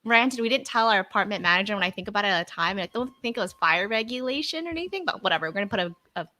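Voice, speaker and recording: Bright, chatty woman co-host. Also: medium pitch, lively intonation, low-quality recording. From Los Angeles area. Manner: chatty, laughs easily, quick bursts. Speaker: co-host of a live stream chat show. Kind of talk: casual storytelling chat.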